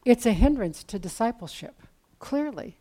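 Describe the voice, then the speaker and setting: A woman's voice: on the high side, animated, moderate pace, warm tone. A woman preaching a sermon in a conversational, storytelling way with casual asides.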